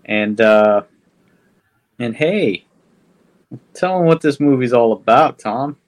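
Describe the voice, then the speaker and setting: A man's voice: mid-range voice, lively intonation, slow pace. A man co-hosting a podcast, chatting casually and bluntly about a movie, with frequent swearing and "um"s. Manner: blunt, swearing, hesitant with fillers. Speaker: podcast co-host. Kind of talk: casual film chat.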